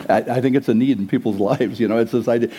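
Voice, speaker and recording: A man preaching a sermon as pastor, conversational and animated, asking his listeners questions and dropping to hushed asides. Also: medium pitch, a little fast, slightly rough. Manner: animated, swings between loud and hushed; conversational, asks the congregation questions.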